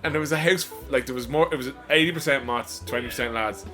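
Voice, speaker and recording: A man's voice: mid-range voice, fast talker, bright, forceful tone, faint music behind. Jokey man chatting on a podcast. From Ireland. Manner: jokey, laughs through his stories. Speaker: podcast co-host. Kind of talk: casual chat.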